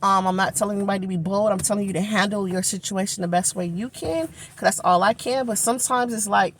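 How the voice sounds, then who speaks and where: Animated woman telling a storytime. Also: medium pitch, fast talker, a little hiss or hum. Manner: animated, talking straight to viewers. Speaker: vlogger. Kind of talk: casual storytime vlog.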